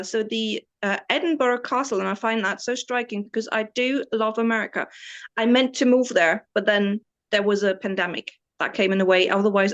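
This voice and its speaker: A German-born woman in her forties, with an English accent tinged by the British Isles, telling stories as a tour guide in an enthusiastic, rambling way with many restarts. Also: a little high. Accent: British Isles-influenced English. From East Germany. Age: 40s. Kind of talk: casual interview storytelling.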